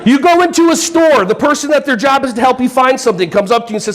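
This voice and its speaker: A man's voice: extremely high pitch, fast, hardly any pauses, fairly bright tone, slight background noise. A man giving a playful workshop talk to a live audience, joking and quizzing the crowd. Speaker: conference presenter.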